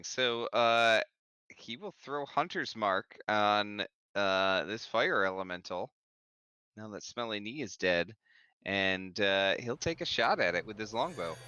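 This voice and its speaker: A man playing a tabletop game, halting with many fillers. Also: mid-range voice, bright, forceful tone, clear, resonant tone, no room sound. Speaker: player. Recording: dry, slightly muffled online audio.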